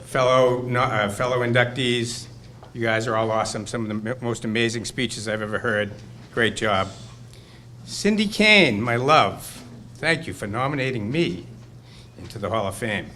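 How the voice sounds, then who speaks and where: Older man with a Boston accent, bright and lively. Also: mid-range voice, moderate pace, slight background noise. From Burlington, Massachusetts. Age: 60s. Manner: rambling, nostalgic, fired-up storytelling. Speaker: hall of fame inductee. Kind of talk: acceptance speech. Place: banquet hall.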